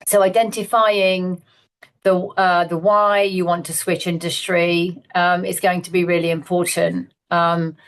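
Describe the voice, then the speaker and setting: A middle-aged woman giving a webinar talk over a video call, relaxed and halting, with many ums. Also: fairly low pitch. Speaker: guest speaker. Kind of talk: presenting a webinar.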